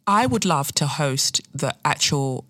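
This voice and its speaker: A woman's voice: deep voice, lively intonation, unhurried, fairly bright tone, no room sound. A woman hosting a casual solo chat, ranting and swearing as she talks. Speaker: podcast host.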